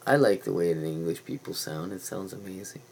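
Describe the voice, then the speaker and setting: A man's voice: deep voice, a little fast, vocal fry, a little mellow, slight background noise, low-quality recording. A man hosting a livestream, rambling in a casual, meandering and conspiratorial way with loose slang. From Canada. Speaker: livestream host.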